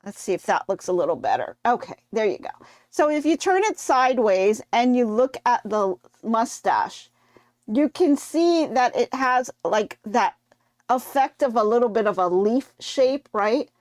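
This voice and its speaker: A woman hosts a live sewing stream in a relaxed, chatty way, stopping now and then to answer viewers. Her voice sits somewhat high. The sound is close and dry, with almost no room around it. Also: a little slow, no echo. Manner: relaxed with frequent fillers. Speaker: quilting show host.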